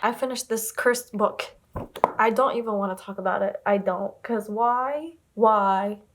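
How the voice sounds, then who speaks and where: A woman's voice: mid-range voice, fairly even intonation, normal speed, noisy background. A young woman chatting to camera in a casual reading vlog, rambling and emphatic, repeating herself and swearing casually, upset and close to tears. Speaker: book vlogger.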